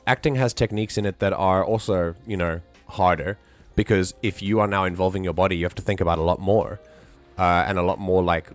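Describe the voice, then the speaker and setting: A man chatting casually on a live stream, rambling with many restarts and fillers. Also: sits low.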